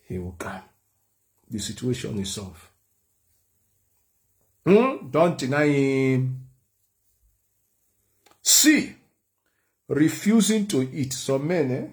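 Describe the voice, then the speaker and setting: A man's voice: mid-range voice, very animated, slow, pauses often. A Nigerian man preaching a humorous sermon, joking and laughing often. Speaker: prophet and preacher.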